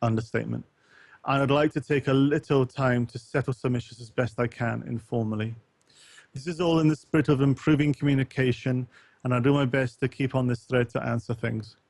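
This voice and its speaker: A man's voice: medium pitch, fairly even intonation, brisk, creaky, darkish tone, dry recording. Dry-sounding man chatting on a podcast. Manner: rambling, many ums, reads a post aloud with wry asides. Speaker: podcast co-host. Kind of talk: casual podcast chat.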